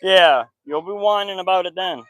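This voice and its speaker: A man's voice: high voice, normal speed, fairly bright tone, dry recording. A man in his thirties, a football podcast host, chatting casually outdoors at home in loose slang and scolding his kids and dog now and then. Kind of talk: casual vlog chat. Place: outdoors at home by the backyard and porch.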